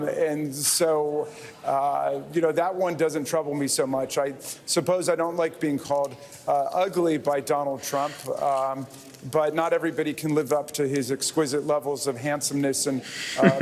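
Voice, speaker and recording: An older man answering in a television interview, with dry wry humor and halting speech full of fillers. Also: fairly high pitch, steady tone, big-room sound. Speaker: congressman interviewee.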